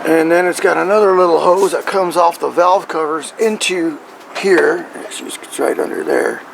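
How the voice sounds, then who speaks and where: Brief: gravelly, slightly high-voiced man, rambling DIY explainer with faint outdoor hum behind. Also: moderate pace, rough recording. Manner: rambling, checks in with "right?" and "okay?". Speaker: truck owner showing his engine. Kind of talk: casual how-to explanation.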